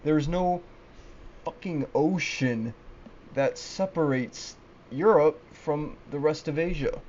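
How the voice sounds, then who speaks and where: A young man rants alone into his laptop webcam mic, agitated, cursing often, stammering and restarting as he rambles. His voice is on the high side, slow, and darkish, and the audio is dull with slight background noise.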